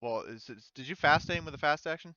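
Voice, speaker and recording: A man's voice: fairly high pitch, quick pace, bright, forceful tone, no echo. A man running a tabletop war game as game master, talking loosely with lots of fillers and restarts. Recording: slightly dull, lo-fi mic.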